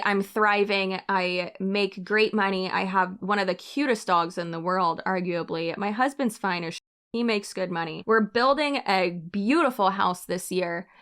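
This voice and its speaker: A woman's voice: mid-range voice, vocal fry, fairly bright tone. A young woman doing casual commentary, reading mean comments aloud and answering them with sassy, sarcastic comebacks.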